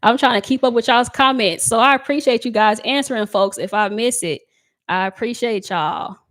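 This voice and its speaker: A woman's voice: on the high side, moderate pace, a bit bright. A woman hosting a tarot livestream, chatting casually and reading viewer comments aloud. She talks in a heartfelt, emotional way. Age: adult with a child. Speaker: tarot reader livestream host.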